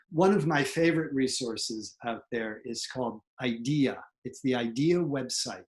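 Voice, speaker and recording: Middle-aged male theatre professor, instructional, loose with fillers and repeats. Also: medium pitch. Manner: explanatory, with fillers and repeated words. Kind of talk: instructional talk.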